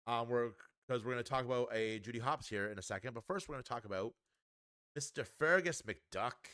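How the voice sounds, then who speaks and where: A man's voice: mid-range voice, steady tone, fast talker, fairly bright tone, clear, resonant tone, no room sound, studio quality. A man giving a casual, upbeat card game review, chatty and full of ums and restarts.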